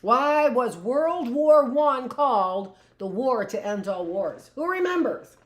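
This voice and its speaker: A woman teacher talks her way through a live history lesson at an unhurried pace. She fires off questions to students who aren't there and answers them herself, with jokey asides along the way. Her voice bounces around an echoey room. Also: a little high, animated.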